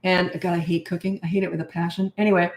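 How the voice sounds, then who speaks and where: A woman's voice: on the low side, little pitch movement, quick pace. Older woman coach giving blunt, chatty parenting advice in a roomy, echoing space. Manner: chatty, emphatic, drifts into anecdotes. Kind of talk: answering viewer questions, casual advice. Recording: roomy echo.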